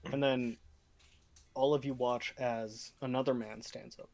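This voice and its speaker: A man narrating as game master of a tabletop game, with a dramatic delivery and sudden shifts in pace and loudness. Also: medium pitch, fairly even intonation, a little slow.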